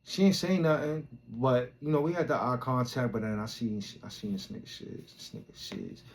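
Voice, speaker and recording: A man from Brooklyn, a podcast host telling a rambling, animated, slang-heavy story full of swearing. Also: mid-range voice, moderate pace, creaky, a little hiss or hum. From Brooklyn, New York. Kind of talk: casual storytelling.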